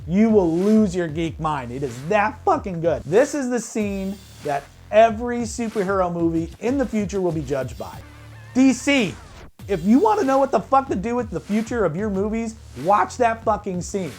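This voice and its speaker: A man's voice: sits high, lively intonation, normal speed, darkish tone, faint music behind. A man hosting a casual movie review show, retelling the plot in a loose, heavily profane way. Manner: heavy swearing, loose storytelling. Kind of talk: casual spoiler recap and review.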